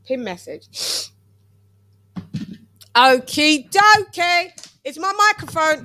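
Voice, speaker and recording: Casual woman livestream host from England, high-pitched, playful sing-song delivery. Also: sing-song, slow pace, long pauses, bright, forceful tone. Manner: playful, sing-song intros, chatty asides. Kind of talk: casual boxing chat livestream.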